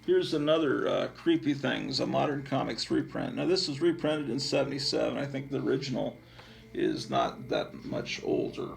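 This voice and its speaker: Here a comic collector hosting his channel talks at a normal speed in an animated, gravelly, medium-pitched voice. His show-and-tell of the collection is casual and meandering, peppered with fillers.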